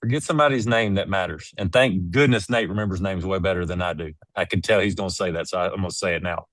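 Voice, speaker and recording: A man's voice: sits low, steady tone, fast talker, fairly bright tone, dry recording. A man speaking as a guest in an interview, making his points with emphatic, preachy storytelling. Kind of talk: casual interview conversation.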